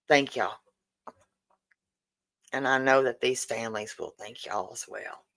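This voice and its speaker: A woman's voice: very deep voice, measured pace, fairly bright tone, low-quality recording. A woman, chatting casually and emotionally on a livestream as host, thanking her viewers again and again. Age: 40s. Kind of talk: casual livestream fundraiser chat.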